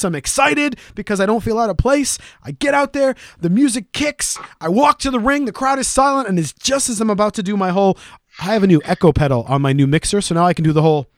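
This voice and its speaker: A man with a fairly high voice holds court on a podcast, spinning loose, profanity-laced stories. The recording is dry and close, with no room sound around him. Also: lively intonation, quick pace, no echo. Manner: profane, storytelling banter. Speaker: podcast co-host. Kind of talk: casual podcast chat.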